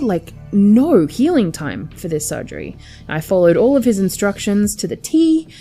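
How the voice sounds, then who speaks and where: A woman's voice: medium pitch, warm tone. A young adult woman telling a personal story to camera, candid and chatty with lots of filler words. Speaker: vlogger.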